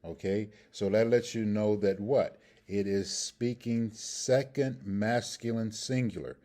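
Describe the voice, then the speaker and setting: Deep, mellow man teaching slowly. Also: steady tone. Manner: deliberate, explanatory, checks in with "okay?" and "all right?". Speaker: Hebrew grammar teacher. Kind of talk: scripture language lesson.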